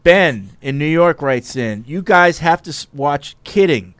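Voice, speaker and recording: A man's voice: a little high, expressive, measured pace, smooth, no echo. A man hosting a casual sports podcast, chatting with co-hosts and reading listener emails aloud in an easygoing way. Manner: easygoing, wraps up the show brightly. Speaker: podcast host.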